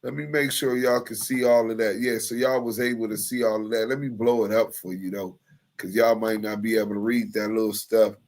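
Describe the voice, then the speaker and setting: A man's voice: lowish voice, level tone, a little fast, darkish tone. A man on a casual livestream, reading court papers and emails aloud in a laid-back way, chuckling often. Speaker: livestream commentator.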